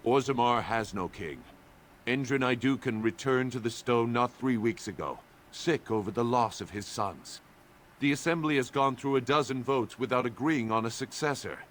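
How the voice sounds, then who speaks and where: An actor playing a stern dwarven gate guard who speaks in a firm, official way. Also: male voice, medium pitch, moderate pace, a bit bright, slight background noise, lightly acted. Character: stern dwarf gate guard, middle-aged man.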